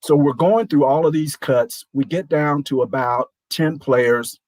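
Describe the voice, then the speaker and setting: A man in his sixties, a show guest, telling a lively anecdote and acting out the voices of people in it. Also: on the high side, measured pace, no echo, low-quality recording. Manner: animated, acts out quoted voices. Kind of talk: storytelling anecdote.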